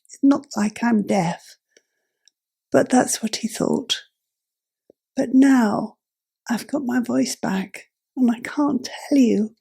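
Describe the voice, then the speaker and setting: Woman, vlogger, croaky voice, breathy whispered breaks, slow halting speech, heavy vocal fry. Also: on the high side, dark tone. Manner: slow, halting, self-correcting. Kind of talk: explaining while adjusting a device.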